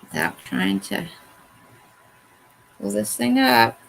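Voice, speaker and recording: Woman craft host, chatty and self-mocking, a gravelly edge, mid-range voice. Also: medium pitch, huge pitch swings, takes it slowly, a little hiss or hum, low-quality recording. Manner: chatty, talks to herself while working, self-mocking. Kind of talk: casual how-to talk while working.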